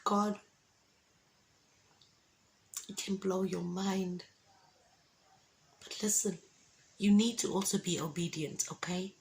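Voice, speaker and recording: A woman's voice: medium pitch, steady tone, a little slow, low-quality recording. A woman giving an emotional faith testimony to camera at home, fervent and often checking that her listeners understand. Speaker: Christian vlogger giving a testimony. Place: at home indoors with windows open.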